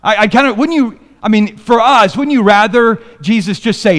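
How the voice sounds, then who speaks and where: High-voiced male pastor preaching in a reverberant hall. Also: expressive, unhurried. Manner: joking, conversational preaching with scripture readings. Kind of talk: sermon. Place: church sanctuary.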